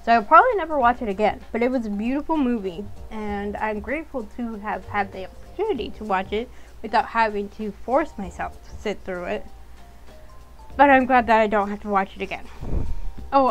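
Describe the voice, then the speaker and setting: A woman's voice: medium pitch, fairly quick, faint music behind, rough recording. A young woman chatting casually while playing a story game, rambling along with frequent ums. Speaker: game streamer.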